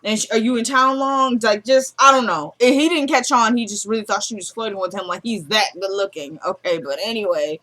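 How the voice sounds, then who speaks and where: A woman giving a casual, chatty recap of a TV episode, telling the story in an animated way and acting out the characters' lines. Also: medium pitch, a little fast, hardly any pauses. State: hyped up in the morning.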